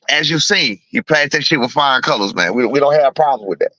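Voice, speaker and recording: A middle-aged boxing trainer speaks bluntly in a casual interview, circling back to his points and cursing freely. His voice is forceful and bright. The sound is dry, close and slightly muffled. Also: mid-range voice, lively intonation, quick pace, dry recording. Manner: blunt, repetitive, swears freely.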